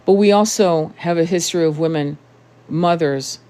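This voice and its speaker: A woman's voice: lowish voice, moderate pace, warm tone. A woman in her thirties giving an impassioned monologue to camera, blunt and emphatic, with frequent swearing and rhetorical questions. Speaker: tarot channel host.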